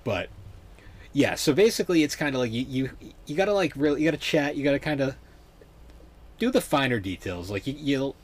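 A man's voice: medium pitch, animated, fairly quick, pauses often. A young man hosting a podcast in laid-back, rambling casual chat. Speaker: podcast host.

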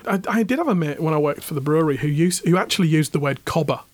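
A middle-aged man from Hull with a softened northern English accent, co-hosting a casual podcast chat and rambling with frequent laughs. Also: fairly high pitch, lively intonation, fast talker, no echo. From England. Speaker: podcast co-host.

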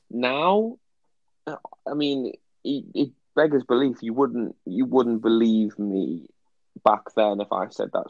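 British male podcast co-host, low voice, dry sound, animated, stumbling restarts. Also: vocal fry, no echo, lo-fi sound. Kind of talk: casual football chat.

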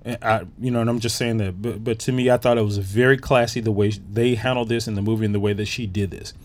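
A man's voice: fairly low pitch, steady tone, fast talker. A man hosting a podcast, giving a casual, enthusiastic movie review full of fillers and restarts. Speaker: podcast host.

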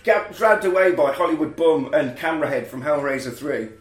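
An animated man hosts a podcast, recapping a film and jumping into put-on voices. His voice sits a bit high. The recording is roomy and echoey, with faint music underneath. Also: a little fast. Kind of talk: casual chat.

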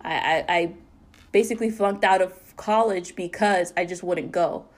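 A young woman co-hosting a podcast, telling a painful personal story in an earnest, halting way full of fillers and restarts. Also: lowish voice. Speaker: podcast co-host.

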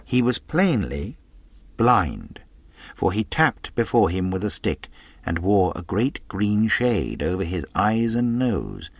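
A man narrating a classic adventure novel as an audiobook in a measured storytelling delivery. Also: on the low side, very animated, dry recording.

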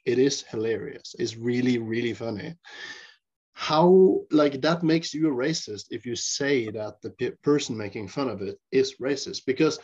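A man's voice: mid-range voice, darkish tone. Man on a dull lo-fi recording. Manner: provocative, clears throat often. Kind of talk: casual chat.

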